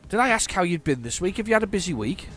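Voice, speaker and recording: A middle-aged man from northern England with a flat northern accent, chatting casually while playing a driving game, rambling and restarting his sentences. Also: sits high, fast talker, soft background music. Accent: flat northern English. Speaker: gaming channel host. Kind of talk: casual let's-play commentary.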